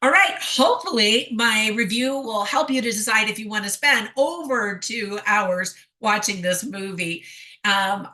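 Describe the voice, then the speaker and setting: Bright-voiced woman chatting through a movie review, laughs a lot, quotes lines with gusto. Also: medium pitch. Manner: chatty, laughs often, quotes dialogue with relish. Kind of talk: casual spoken review.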